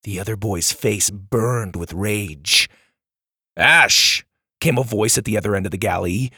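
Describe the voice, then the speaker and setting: A man narrating a children's adventure audiobook, reading with expressive character voices. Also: lowish voice, normal speed, husky, dry recording, studio quality.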